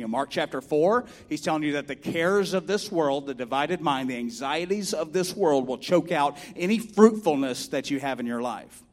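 A middle-aged man preaching a sermon as pastor, chatty and often asking "right?", rising to loud, impassioned preaching. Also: mid-range voice, very animated, moderate pace, in a large hall.

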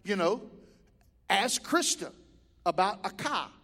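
High-voiced preacher in a hall. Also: male voice, big pitch swings, slow. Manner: folksy, preaching with rising shouted builds. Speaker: pastor. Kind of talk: sermon. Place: church sanctuary. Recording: church hall reverb.

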